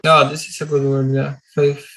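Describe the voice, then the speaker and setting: A man's voice: fairly high pitch, monotone, moderate pace, pushed and bright. A man in an online English class over a video call, speaking hesitantly with fillers and apologies. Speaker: ESL student.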